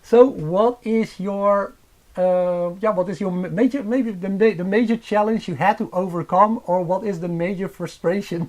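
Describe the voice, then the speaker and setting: A man's voice: high voice, darkish tone. A man with a Dutch accent hosting a live-stream presentation on a cheap microphone, talking hesitantly with many fillers and restarts. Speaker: astrophotography channel host.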